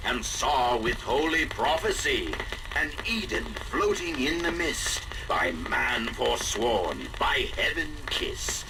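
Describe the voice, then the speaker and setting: A gravelly, solemn preacher on a crackly broadcast. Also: male voice, mid-range voice, sing-song, exaggerated voice. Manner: slow, intoning recitation. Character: solemn male preacher reciting scripture.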